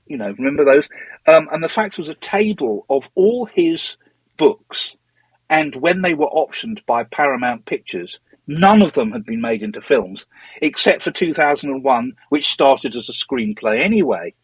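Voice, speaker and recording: A middle-aged man telling stories in a casual, rambling way, drifting off on tangents and filling pauses with ums and restarts. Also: medium pitch, expressive, husky, no room sound, poor audio. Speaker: interview guest, former magazine editor. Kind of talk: casual anecdotal storytelling.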